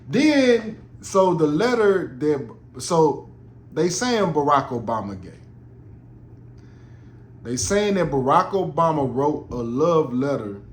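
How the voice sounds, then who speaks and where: A man hosting a podcast, talking in a casual, rambling and profane monologue in a roomy recording. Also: fairly high pitch. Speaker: podcast host. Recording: roomy with faint noise.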